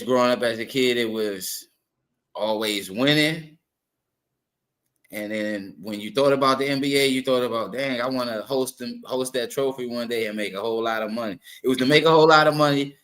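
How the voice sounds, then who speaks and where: A man co-hosting a sports podcast, talking in a relaxed, agreeable and slangy way. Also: medium pitch. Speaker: podcast co-host. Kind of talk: casual sports podcast chat.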